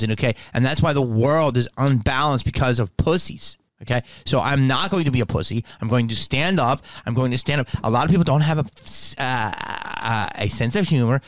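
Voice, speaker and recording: A man's voice: fairly high pitch, fairly bright tone, no echo. A man who is a stand-up comedian, ranting to camera in a profane, heated and indignant way.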